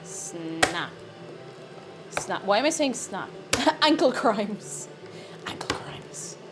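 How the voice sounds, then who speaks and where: Baking on a live stream, a woman chats casually at an extremely slow pace, her voice medium in pitch, with music playing beneath. She erupts into excited squeals and shouts, then settles into soft mumbles and laughter.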